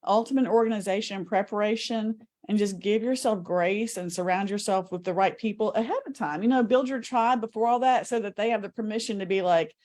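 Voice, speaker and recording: A woman guest on an interview show, telling a story in an earnest, animated way. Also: medium pitch, a little fast, hardly any pauses. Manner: animated storyteller, earnest, talks with shifting speed.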